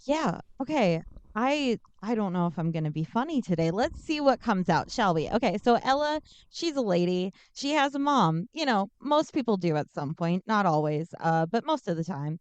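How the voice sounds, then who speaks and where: A woman's voice: medium pitch, normal speed, smooth, no room sound. A woman podcast co-host recapping a movie plot in a casual, joking, sarcastic way. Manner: joking, sarcastic, animated storytelling.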